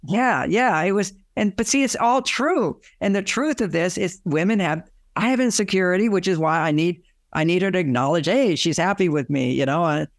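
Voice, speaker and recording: A man's voice: fairly high pitch, gravelly, no echo, studio quality. An older man, a relationship author, telling anecdotes in an interview and acting out quoted dialogue. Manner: animated, acts out quoted dialogue. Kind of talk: storytelling in a casual interview.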